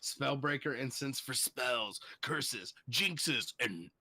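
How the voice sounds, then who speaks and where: A young man co-hosting a casual comedy podcast, laughing, swearing and reacting loudly. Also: medium pitch, animated, slow pace. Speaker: podcast co-host.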